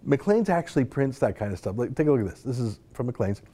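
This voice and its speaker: Sarcastic man with mellow voice. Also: mid-range voice, very animated, fast. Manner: sarcastic, mocking, scoffs and laughs while reading. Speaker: political commentator. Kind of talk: opinion monologue reading tweets aloud.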